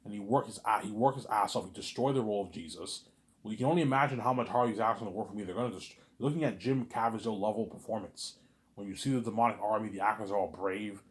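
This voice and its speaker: A man rambling in a casual monologue, animated and repetitive, arguing with an imagined listener. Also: on the low side, quick pace. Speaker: vlogger.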